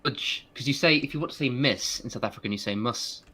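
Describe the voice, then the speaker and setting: A man co-hosting a game stream, playful and quick with wordplay and asides. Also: medium pitch, bright, forceful tone, slightly rough. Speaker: co-host and adviser on a game stream. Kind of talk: casual live-stream chat.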